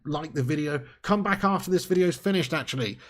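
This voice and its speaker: A man's voice: on the high side, fast talker. Chatty man hosting a fan livestream. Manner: chatty, joking, reads out viewer names. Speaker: fan channel host. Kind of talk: live stream chat.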